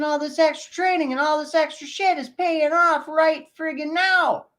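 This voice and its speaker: A man hosting his own livestream, talking excitedly and rambling to his viewers. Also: extremely high pitch, moderate pace, few pauses, poor audio. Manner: hyped and pumped, loosely rambling, addresses viewers directly. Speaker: livestream host.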